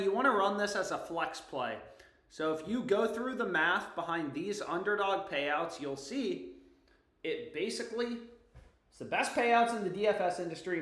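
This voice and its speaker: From home, a young man hosts a casual sports betting livestream, his voice sitting high in a reverberant space. He's excitable and quick to swear as he talks to himself and his viewers.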